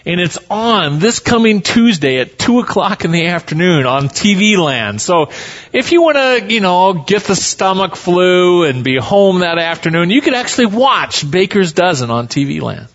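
A man's voice: high-pitched, very animated, normal speed, a bit bright, lo-fi sound. A male pastor preaching a sermon in a folksy, storytelling way.

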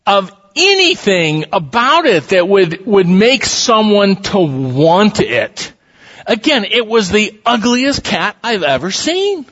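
Male pastor, sermon, high and very animated, storytelling, dull reverberant hall recording.

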